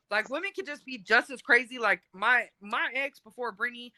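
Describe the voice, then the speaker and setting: A woman, chatting casually and telling profane, animated stories. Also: a little high, normal speed, dry recording. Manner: profane, animated storytelling with acted quotes. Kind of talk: casual chat.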